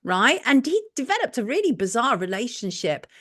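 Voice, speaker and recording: A woman's voice: a little high, very animated, normal speed, fairly bright tone. A woman with an English accent, hosting and chatting candidly and with strong opinions on a live talk show. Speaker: host. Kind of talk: casual chat.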